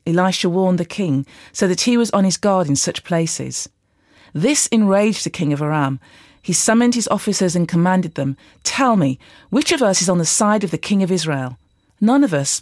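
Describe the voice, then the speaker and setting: A woman reads scripture aloud in a steady, measured way. Her voice sits a little low, and the recording is close and dry with no room sound. She gently lifts her voice for quoted speakers. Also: no room sound. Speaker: Bible reader.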